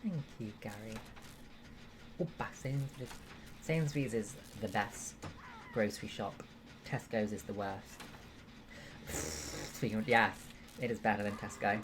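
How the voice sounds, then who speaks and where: A woman's voice: rumbling low, measured pace, long pauses, background noise. A woman, streaming a game and chatting playfully with viewers as she reads the chat. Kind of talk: casual live-stream chat, reading and answering viewers.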